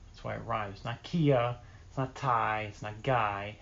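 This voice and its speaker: A man's voice: lowish voice, steady tone, unhurried, gravelly, fairly bright tone, highs cut off. A man chatting casually to camera as a vlogger, telling rambling stories about himself in a chatty way. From Appalachia, East Tennessee.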